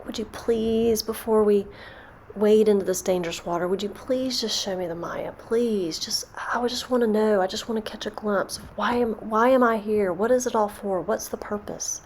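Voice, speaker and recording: A woman voicing an earnest young man who softly begs to be shown the truth. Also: mid-range voice, normal speed, slight background noise, natural voice. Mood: pleading. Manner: begging, soft-spoken.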